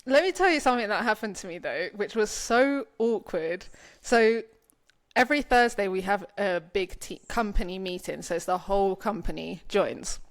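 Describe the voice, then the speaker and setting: A woman's voice: medium pitch, animated, normal speed. A young woman from the UK hosting a podcast in casual chat, rambling and saying "like" often as she tells stories. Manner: rambling, heavy use of "like", storytelling. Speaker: podcast host.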